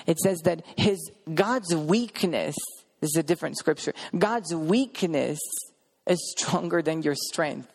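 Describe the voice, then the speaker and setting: A man's voice: a little high, vocal fry, darkish tone. A man preaching a sermon and telling a testimony, emphatic, repeating his words and asking the audience questions.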